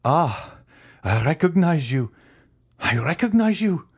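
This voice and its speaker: A man voicing a frantic, grief-stricken older magistrate who cries out in high, strained bursts. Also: animated, a little slow, darkish tone.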